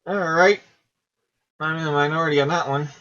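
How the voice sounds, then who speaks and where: In his forties, this host talks through questions in a casual game video, rambling and self-deprecating as he plays. His voice is a little high, fairly quick, pushed and bright, with fairly even intonation, and the recording is muffled.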